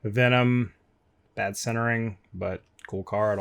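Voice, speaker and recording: Slow-talking man grumbling through a card break. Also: mid-range voice. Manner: grumbling, wry, talks to viewers as folks. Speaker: card collector opening packs. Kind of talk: casual box-break commentary.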